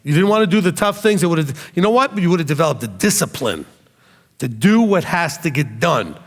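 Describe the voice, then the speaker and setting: Man in his 50s, high and expressive voice, blunt preacher who mimics others, reverberant hall. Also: fairly quick. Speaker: teacher. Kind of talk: sermon-style teaching.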